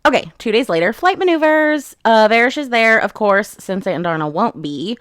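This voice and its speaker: A woman's voice: medium pitch, animated, normal speed, a bit bright, no echo, clean studio sound. A woman hosting a book channel, casually recapping chapters and retelling scenes in quoted voices.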